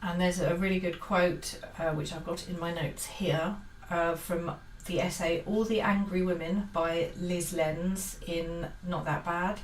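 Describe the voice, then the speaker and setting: Earnest low-voiced woman in an echoey room. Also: fairly even intonation, a little slow, hardly any pauses, recorded from a distance. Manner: hesitant, many fillers and restarts, earnest. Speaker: book vlogger. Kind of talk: casual book-review monologue. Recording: roomy echo, set back from the mic, faint hiss.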